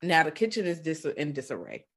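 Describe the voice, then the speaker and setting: A woman co-hosting a podcast who retells a film with loose, animated energy. She swears freely and has a slightly low voice. Her talk is casual and chatty. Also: fairly quick. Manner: animated, profane, acts out quotes. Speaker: podcast co-host.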